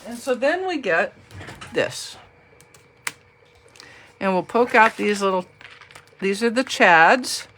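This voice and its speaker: A woman from the Southern US chats and jokes with viewers while showing how to make cards in a live demo. Her mid-range voice is expressive and fairly bright, moving slowly with long pauses, and there is a little hiss or hum.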